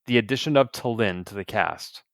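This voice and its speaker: Casually chatting as a podcast co-host, this man rambles and restarts his sentences at a moderate pace. His pitch is fairly low, and the studio-quality recording is dry.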